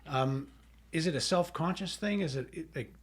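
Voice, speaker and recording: A man's voice: on the high side, normal speed, breathy edge. A man hosting a podcast, asking questions and chiming in with short reactions. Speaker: podcast host. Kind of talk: casual interview questions.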